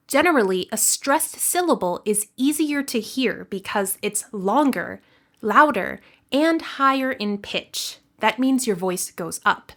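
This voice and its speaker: Woman, English teacher, unhurried delivery, careful clear explanations, scripted lesson. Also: on the high side. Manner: clear, deliberate explanations with slow example words.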